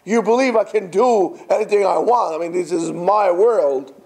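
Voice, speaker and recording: A man's voice: high-pitched, normal speed, a little mellow. A man voicing God in a told story, speaking patiently and insistently. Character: calm testing voice of God.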